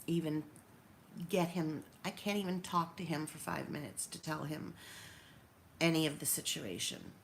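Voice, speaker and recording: A woman's voice: deep voice, vocal fry, a bit bright, slight background noise. A woman in her fifties venting in a personal vlog, rambling and hurt as she talks through her troubles. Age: 50s. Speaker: vlogger.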